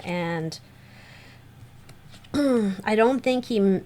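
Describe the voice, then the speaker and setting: A woman's voice: mid-range voice, takes it slowly, long pauses. A woman giving a casual spoken tarot reading, rambling with lots of fillers and restarts. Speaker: tarot reader.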